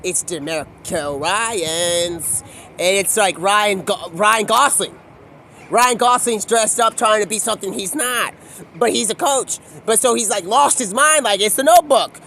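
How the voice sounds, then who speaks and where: A young man in a rambling, profane monologue, excitable and jumping between mumbled asides and loud outbursts. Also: high-pitched, measured pace, gravelly, a little hiss or hum.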